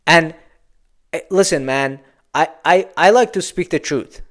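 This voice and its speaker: A man's voice: on the high side, a little slow, fairly bright tone. A young man hosting a football channel, venting his frustration in a solo post-match reaction with emphatic, repetitive phrasing.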